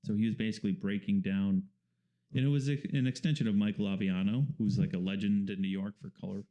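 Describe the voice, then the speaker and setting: A man with a low, gravelly, mellow voice talks through his craft in an easygoing, rambling way, with plenty of fillers along the way. The sound is dull and lo-fi. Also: quick pace. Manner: relaxed, explanatory, rambling with fillers. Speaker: guest painter. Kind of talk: casual interview talk.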